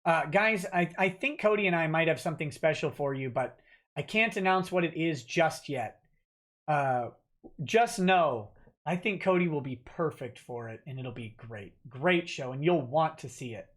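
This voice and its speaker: A man's voice: fairly high pitch, lively intonation, normal speed, a bit bright. A man hosting a livestream, reading donor messages aloud and replying off the cuff with many fillers and restarts. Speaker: livestream host reading donations. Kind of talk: casual livestream chat.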